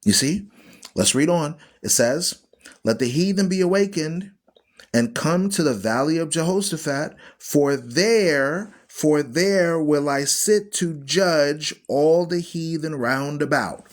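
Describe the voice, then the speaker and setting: A man's voice: fairly high pitch, slow. A man hosting an online Bible radio show, teaching scripture in an emphatic, preachy way and repeating phrases for stress. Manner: preachy, argues with viewers.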